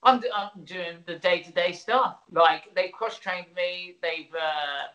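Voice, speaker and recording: A chatty man talks as a guest over a video call, often stopping to restart a sentence and breaking into laughs. His voice is bright and sits a little high for a man. The sound carries a roomy echo. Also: slow pace. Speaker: musician and theatre performer, guest. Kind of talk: casual interview chat.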